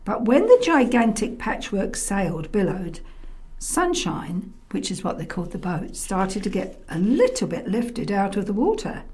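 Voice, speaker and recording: A woman storyteller narrating a children's tale, expressive and often dropping to a soft whisper. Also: mid-range voice, a little slow. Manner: softly whispered in places, expressive.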